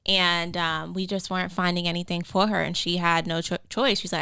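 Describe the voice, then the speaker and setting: Calm, smooth-voiced woman, dry mic. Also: on the low side, brisk, dry recording. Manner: calm, chill, laid-back. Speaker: real estate agent, podcast co-host. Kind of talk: casual chat.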